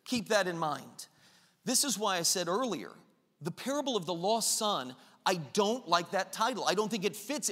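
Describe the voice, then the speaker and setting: A man's voice: high voice, fairly bright tone, in a large hall. A man preaching a sermon, impassioned, who acts out the father's lines with rising intensity. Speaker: pastor.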